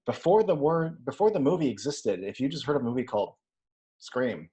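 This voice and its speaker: A man co-hosting a casual movie discussion, animated and prone to side stories. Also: medium pitch, fairly quick. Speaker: podcast co-host.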